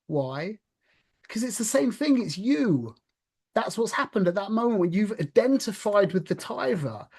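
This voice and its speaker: Chatty man giving a spiritual talk. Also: high-pitched. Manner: conversational, frequent "yeah?" check-ins, restarts. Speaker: religious speaker.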